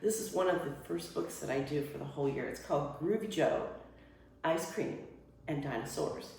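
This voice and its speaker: An older woman, a retired children's librarian, demonstrates reading aloud to kids in a workshop room. Her deep voice has vocal fry and a moderate pace, using an animated storytime style with big swoops and playful exclamations. The room is echoey, she sounds far off, and there's slight background noise.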